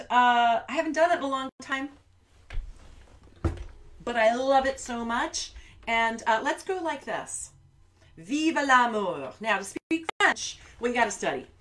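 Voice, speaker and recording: Woman children's musician, home livestream host, rambling and direct, slightly high pitch. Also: a bit bright. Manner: chatty, rambling, addresses parents and kids directly. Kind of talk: live-streamed chat between songs.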